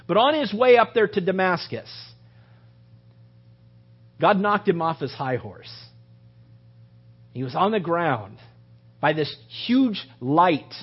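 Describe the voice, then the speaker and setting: A man's voice: sits high, expressive, slow, long pauses, breathy edge, lo-fi sound. A man leading a casual Bible study, talking conversationally and briefly acting out the voices of biblical figures.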